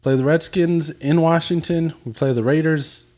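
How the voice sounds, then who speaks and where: A man co-hosting a live show in casual chat, steady and matter-of-fact with dry remarks. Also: fairly high pitch, normal speed. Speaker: podcast co-host.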